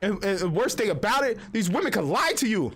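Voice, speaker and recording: A young man streaming live, talking in a loose, profanity-laced rant that wanders from point to point. His voice sits high for a man and swings widely up and down as he acts out what other people say. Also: big pitch swings, a little fast, a bit bright, slight background noise.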